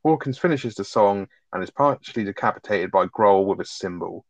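A man rattles quickly through film scenes in casual podcast chat, swearing freely. His voice sits a little low, and the recording is dull, lo-fi and dry. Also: no room sound. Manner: sweary, animated retelling of scenes. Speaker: podcast co-host reviewing a film.

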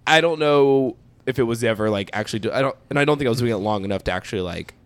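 A man in casual podcast banter who rambles through his stories, packing in filler words and breaking into laughter. His voice sits at an ordinary middle pitch. The sound is dry and close, with no room echo. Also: very fast, clear, resonant tone. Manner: rambling, heavy use of "like"; laughs often while talking. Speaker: podcast co-host. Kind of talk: casual chat.

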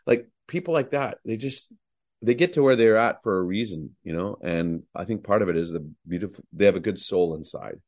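A man's voice: low-pitched, a little mellow. A middle-aged male actor, a guest, telling enthusiastic, rambling anecdotes full of fillers. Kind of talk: anecdotal storytelling.

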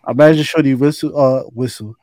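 Regular-pitched guy on a podcast, blunt, swears a ton, laughs at his own stuff, dry sound. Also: steady tone, fairly quick, a little mellow, no room sound. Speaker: podcast co-host. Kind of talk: casual chat.

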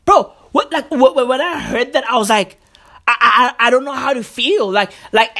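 A woman in a comedic rant, profane and repetitive, rambling in loud outbursts. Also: high-pitched, moderate pace.

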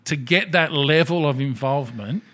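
Swearing, animated storytelling man. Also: fairly high pitch, normal speed. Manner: animated storyteller who acts out other people's lines, swears freely. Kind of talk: casual chat.

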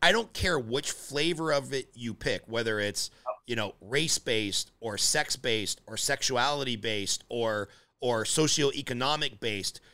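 A man's voice: mid-range voice, a little slow, pushed and bright. A man hosting a casual interview, talking in an earnest, emphatic way. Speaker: podcast host.

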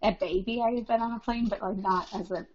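A woman's voice: medium pitch, fairly even intonation, fairly quick, a little mellow. A woman in her thirties from Minnesota, chatting casually with lots of likes and ums. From Minnesota, USA. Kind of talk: casual chat. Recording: dull lo-fi audio.

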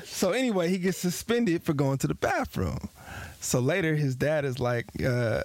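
A young man co-hosting a casual podcast, telling a story in an animated way and laughing often. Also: on the high side, normal speed, dry recording. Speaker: podcast co-host.

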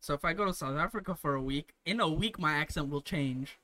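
A young man from Botswana co-hosts a casual podcast. His voice is bright and forward. He tells loose stories full of fillers and swearing. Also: fairly high pitch, fairly quick, a little hiss or hum. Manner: swearing, storytelling with lots of fillers. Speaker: podcast co-host. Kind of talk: casual chat.

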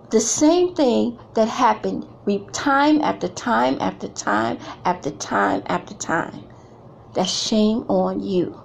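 A woman's voice: a little high, gravelly, darkish tone, lo-fi sound, slight background noise. A middle-aged woman giving a blunt, emphatic talk to other women, repeating phrases for effect. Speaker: speaker addressing women. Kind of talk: candid motivational talk.

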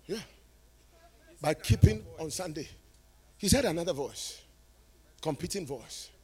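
A male preacher giving a sermon, moving from quiet talk to shouted, sing-song preaching. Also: fairly high pitch, lively intonation, unhurried, slightly rough. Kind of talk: sermon at a conference.

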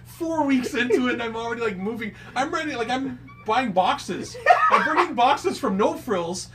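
A man telling a story in casual chat, animated, laughing and swearing as he acts out quotes. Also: extremely high pitch, normal speed. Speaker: podcast co-host telling a story.

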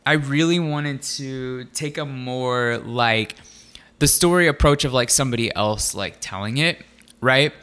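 A man with a smooth, resonant voice at an ordinary pitch, chatting casually on a podcast. He reads a story aloud at a relaxed pace, breaking off into filler-heavy asides. The tone stays easygoing and conversational. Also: measured pace. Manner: laid-back, filler-heavy, laughing asides. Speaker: podcast co-host.

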